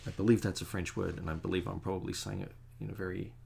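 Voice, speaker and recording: Creaky-voiced man rambling while drawing. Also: low voice, fairly even intonation, fast talker, darkish tone, slight background noise. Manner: chatty, digressive, self-deprecating. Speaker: artist drawing a commission.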